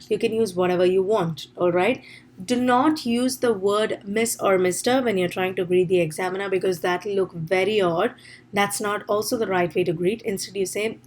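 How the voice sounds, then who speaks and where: A woman's voice: mid-range voice, normal speed, darkish tone, slight background noise. A woman teacher giving an online exam-prep lesson, explaining step by step and checking in with "all right?". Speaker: IELTS teacher.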